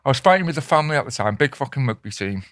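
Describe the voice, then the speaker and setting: A man hosting a podcast, telling a story in casual chat, swearing constantly and loudly acting out the voices of the people in it. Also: medium pitch, lively intonation, racing, no room sound. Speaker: podcast host.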